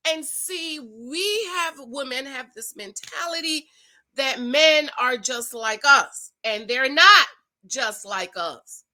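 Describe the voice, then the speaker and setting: A woman's voice: high voice, lively intonation, slow, sharp tone. A woman hosting her own dating-advice show, talking straight to her viewers in a sassy, preachy, casual way. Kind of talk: casual reaction commentary.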